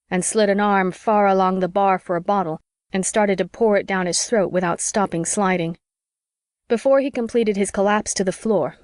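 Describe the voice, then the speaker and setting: A woman narrating an audiobook in the first person, in a clear, even telling. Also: mid-range voice, no echo, studio quality.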